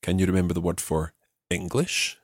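A man teaching a podcast language lesson, patiently repeating each phrase slowly for learners. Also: sits low, fairly even intonation, breathy edge, dry recording, clean studio sound.

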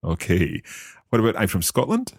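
A man hosting a language lesson podcast, asking questions and slowly repeating practice phrases after the teacher. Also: fairly low pitch, wildly swooping pitch, creaky, slightly rough, dry recording, clean studio sound. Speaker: podcast host learning Mandarin.

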